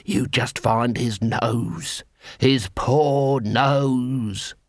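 A man voicing a nervous, secretive male clown who mumbles and hisses in a low voice. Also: steady tone, extremely slow, no room sound, studio quality. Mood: hissing.

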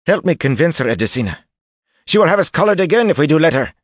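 A man's voice: on the high side, sing-song, fast, no echo, clean studio sound, voice pushed up. A man doing a tense, frightened woman. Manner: tight, strained and loud. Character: tense, frightened former captive woman, defiant.

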